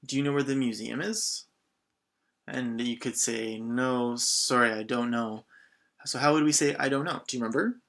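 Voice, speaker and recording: Steady and creaky, with a fairly bright tone, this man's medium-pitched voice moves at normal speed through scripted narration of a beginner language lesson. He encourages learners patiently with short prompts and repetition, alternating English and French phrases.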